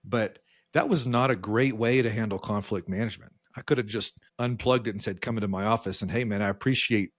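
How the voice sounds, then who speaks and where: A man co-hosting a podcast, telling a work story in casual chat and jumping his voice up high when he quotes people. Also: fairly even intonation, a little fast. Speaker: podcast co-host.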